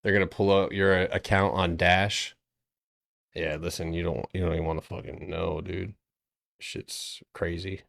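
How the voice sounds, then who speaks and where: Deep-voiced man breaking down stock charts. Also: little pitch movement, normal speed, vocal fry, a bit bright. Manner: loose, joking, swears casually. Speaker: stock trading stream host. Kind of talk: casual market analysis on a livestream.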